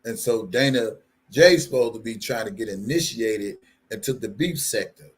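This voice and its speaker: Here a livestream host with a lowish voice goes on a casual rant at moderate speed, cursing, mocking, and breaking into frequent laughter.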